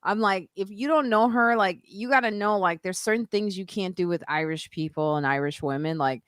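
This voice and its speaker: A woman hosting a podcast, telling stories in casual chat and acting out quotes loudly. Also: medium pitch, brisk, no room sound, studio quality. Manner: animated storyteller, acts out quotes loudly. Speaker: podcast host.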